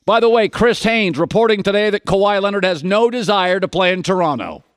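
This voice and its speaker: A man's voice: high-pitched, animated, fairly quick, clear, resonant tone, dry recording. A man hosting a sports radio show, delivering an opinionated monologue full of punchy, sarcastic rhetorical questions into a studio microphone.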